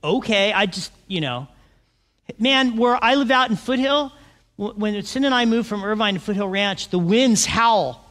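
A man preaching a sermon, animated and asking his congregation questions. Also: high voice, normal speed, big-room sound. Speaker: pastor.

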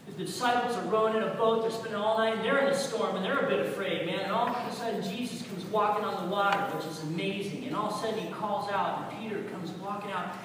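Pastor, man, fifties, lively storyteller who drops to a hush then shouts; recorded distant in a reverberant hall with noticeable room noise. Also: high voice, quick pace, hardly any pauses. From California. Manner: animated storytelling, shifting from hushed to shouting. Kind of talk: sermon. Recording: echoey hall from far off, audible room noise.

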